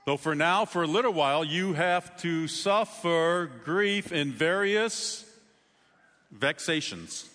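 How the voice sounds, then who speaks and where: A man preaching a sermon in a conversational way, with sudden emphatic rises in pitch. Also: lively intonation, slow, fairly bright tone, big-room sound. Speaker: pastor.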